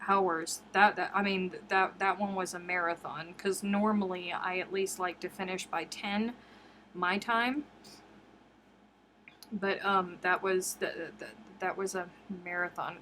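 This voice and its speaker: A woman chatting casually on her crochet livestream, telling stories in a lively, chatty way. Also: a little hiss or hum. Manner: chatty storyteller, jumps high acting out quotes.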